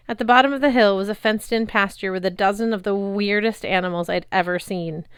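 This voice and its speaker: A woman reading a novel chapter aloud in a lively, expressive narrating voice on a close mic. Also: medium pitch, brisk, hardly any pauses, clear, resonant tone, no echo. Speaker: reader. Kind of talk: audiobook narration.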